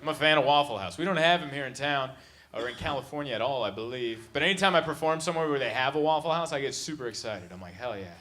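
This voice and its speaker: A man's voice: mid-range voice, animated, fast, bright, forceful tone. A man performing a stand-up comedy set, telling stories and acting out the people in them. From San Diego. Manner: storytelling with acted-out voices. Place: comedy venue with laughing audience. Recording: live show with audience noise.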